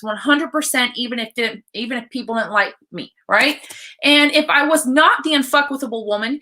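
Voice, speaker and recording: A woman coach talking to viewers on a livestream, blunt and excited, swearing freely as she speaks. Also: high-pitched. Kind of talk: casual live-stream talk.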